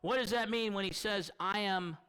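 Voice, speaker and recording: A man's voice: high-pitched, normal speed, sharp tone, clean tone, low-quality recording. A man preaching a sermon in a conversational, storytelling manner.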